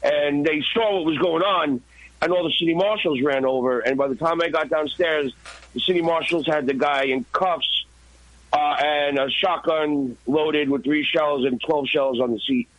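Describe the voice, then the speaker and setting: A man, a guest and former radio intern, telling an animated, profane story in a podcast interview. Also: a little high, normal speed, no echo, lo-fi sound. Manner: profane, excited, acts out his own shouts.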